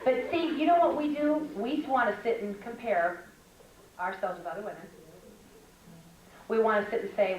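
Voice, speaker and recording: Middle-aged woman giving an animated talk, tells stories and does the voices, sounds far off in a big echoey room. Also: on the high side, moderate pace, pauses often. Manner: animated, storytelling, acts out quoted voices. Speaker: speaker at a women's Christian conference. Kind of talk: lively spoken lecture. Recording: echoey hall from a distance with background noise.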